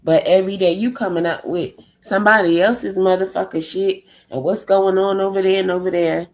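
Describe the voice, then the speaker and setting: A woman speaking rants on a live stream. Her talk is blunt, heated and full of profanity, at a medium pitch that sits in the middle for a woman. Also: steady tone, fairly quick, darkish tone.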